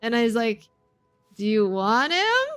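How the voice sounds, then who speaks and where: A young woman chatting casually with her stream audience from home, her voice sitting high and light. She talks in a bubbly, giggly way, and soft music plays faintly behind her. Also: big pitch swings, unhurried, clean tone. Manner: chatty and bubbly, laughs often. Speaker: game streamer. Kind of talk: casual chat with stream viewers.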